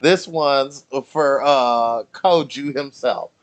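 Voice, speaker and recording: A young man telling stories during a casual live stream with loud slangy banter, drinking while he talks at home. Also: mid-range voice, slow, clean tone. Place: home, near the grill.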